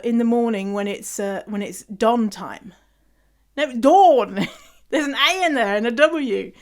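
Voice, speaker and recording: A middle-aged woman from England, her accent mixed with Canadian, hosting a casual solo podcast, chatty, laughing often and spelling out words. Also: a little high. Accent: English, mixed with Canadian. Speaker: podcast host.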